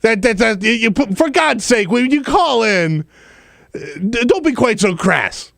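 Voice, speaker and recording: Male call-in radio host, animated and easily amused, dry close mic. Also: extremely high pitch, a little slow, creaky, no echo. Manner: animated and easily amused, laughs along with callers. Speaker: radio talk show host.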